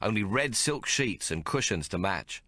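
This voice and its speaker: A man narrating an audiobook in the first person, measured and descriptive. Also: on the low side, expressive, bright, forceful tone, no echo, studio quality.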